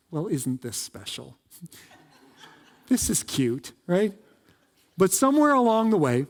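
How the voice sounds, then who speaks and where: A man preaching a casual, joking sermon as pastor, with quick asides to the congregation. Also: on the high side, a little mellow, in a large hall. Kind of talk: conversational sermon. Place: church sanctuary.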